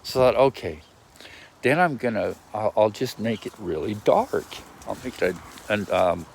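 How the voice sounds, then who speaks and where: A vlogger with a fairly low, lively voice talks at normal speed, with vocal fry and a faint hiss or hum. He's outdoors in a yard recording a casual video message on a handheld phone, meandering between thoughts and interrupting himself with lots of ums and restarts.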